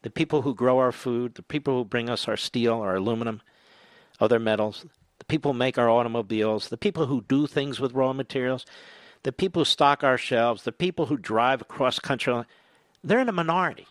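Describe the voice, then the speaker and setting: A man's voice: mid-range voice, fairly quick, no echo. A man hosting a talk radio show, delivering a combative, sarcastic political monologue that rambles from point to point.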